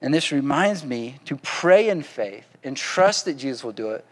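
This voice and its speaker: A man's voice: mid-range voice, very animated, moderate pace, big-room sound. A man with a Southern accent preaching a sermon in a folksy, conversational way, often asking the congregation questions. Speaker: pastor.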